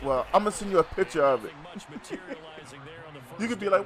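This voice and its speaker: Middle-aged male streamer, high voice, loose and jokey, talks to chat while he plays. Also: animated, unhurried, pauses often, a bit bright. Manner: loose, joking, chatty with viewers. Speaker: gaming streamer. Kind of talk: casual live-stream chat while playing.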